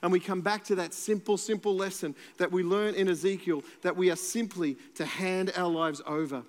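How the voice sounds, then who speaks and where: A man preaching a sermon as pastor, earnest and moving between urgent and hushed delivery. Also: sits high, steady tone, moderate pace. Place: church hall. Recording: long church reverb with faint music.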